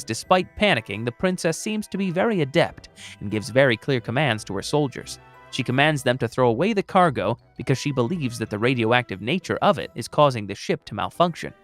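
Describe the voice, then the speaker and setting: A man's voice: medium pitch, fairly bright tone. A man narrating a comic recap of a story, with wry, joking asides.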